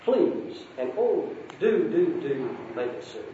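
A man's voice: a little high, big pitch swings, slow pace, mellow, pitched above the performer's own voice. An earnest young girl begs, near tears, as a man reads her lines in a raised voice. The sound is muffled and far off, with a strong echo. A faint hiss lies underneath. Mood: pleading. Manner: pleading. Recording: echoey distant lo-fi recording.

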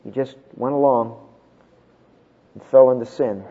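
Man, sermon, dramatic swings loud to hushed, husky, phone-like sound, long reverb. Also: mid-range voice, fairly even intonation, measured pace. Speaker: preacher.

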